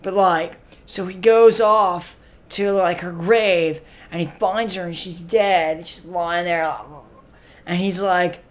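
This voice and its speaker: A man's voice: high voice, fairly even intonation, slow. An actor playing a clueless, spaced-out young stoner who hosts a comic web show. He drawls through a filler-heavy monologue and keeps tacking "man" onto his phrases. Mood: laid-back. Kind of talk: comedy sketch monologue.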